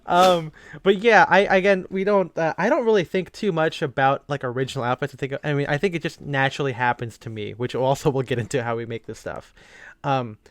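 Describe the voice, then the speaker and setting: A man's voice: a little high, steady tone, fairly quick. A young man co-hosting a podcast, rambling and laughing often. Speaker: podcast co-host. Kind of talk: casual chat.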